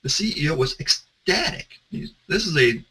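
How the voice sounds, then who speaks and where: Bright-voiced male security presenter. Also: fairly high pitch, sing-song, normal speed, breathy edge, low-quality recording. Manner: conversational storytelling, some restarts. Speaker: security consultant. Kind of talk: presentation talk.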